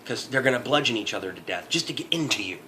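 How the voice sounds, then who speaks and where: A man's voice: mid-range voice, expressive, fast, bright, forceful tone, a little hiss or hum. A man giving a profane, rambling comedic rant, often breaking into laughter. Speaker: vlogger.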